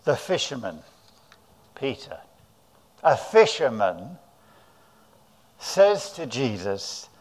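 English man preaching a slow, dramatic sermon. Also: medium pitch, very animated, darkish tone. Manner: dramatic storytelling, voices the disciples' cries.

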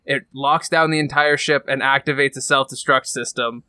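A man running a tabletop roleplaying game as game master, narrating in a casual way with plenty of fillers. His voice is bright and smooth, and the recording is dry and close. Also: medium pitch, fairly even intonation, normal speed, no room sound.

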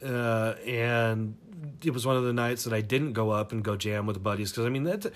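A man's voice: mid-range voice, moderate pace. A man casually telling a crude personal story, rambling and profane, often laughing as he goes. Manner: rambling, profane, laughs through his stories.

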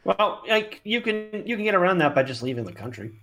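A man's voice: high-pitched, big pitch swings, fairly quick, a bit bright. A man co-hosting a podcast in casual chat, with dry, sardonic remarks. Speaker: podcast co-host.

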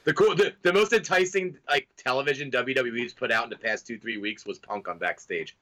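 A man's voice: mid-range voice, fairly quick, sharp tone. A man co-hosting a wrestling podcast, casual and blunt, using slang like "dude". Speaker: podcast co-host. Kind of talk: casual chat.

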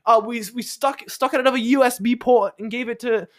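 A man's voice: very high-pitched, fairly even intonation, brisk, voice pushed up. A young man putting on an exaggerated British accent to play a goofy, stammering self-styled future British prime minister. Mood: silly boasting. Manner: rambling, stammering, laughing through lines.

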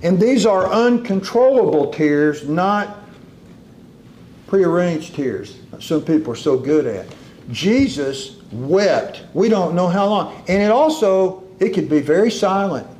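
A man preaching a sermon, drawing out key words slowly and dropping into a low hush for emphasis. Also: expressive, a little hiss or hum.

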